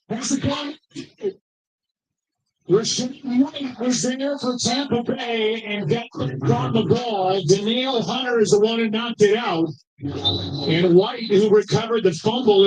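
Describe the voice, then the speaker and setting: A man giving live play-by-play of a football game, describing each play briskly. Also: sits high, darkish tone, low-quality recording. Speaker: play-by-play commentator.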